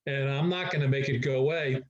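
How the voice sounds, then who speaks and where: A man's voice: medium pitch, steady tone, quick pace, muffled recording. A man, a chiropractor, talking reflectively in a casual group discussion over a video call, rambling with restarts.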